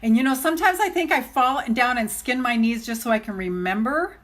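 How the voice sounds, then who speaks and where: Middle-aged woman, life coach, chatty live stream to followers, bubbly and keyed up, a bit high-voiced. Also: a little fast. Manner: gushing, excitable, laughs often, talks straight to viewers. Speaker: self-love coach hosting a live stream.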